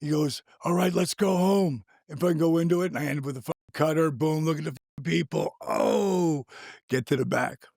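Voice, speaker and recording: An older man with a gravelly voice, animated and swearing freely as he tells a story in casual chat, acting out the quotes. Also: fairly high pitch, a little fast, no echo, clean studio sound. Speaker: guest.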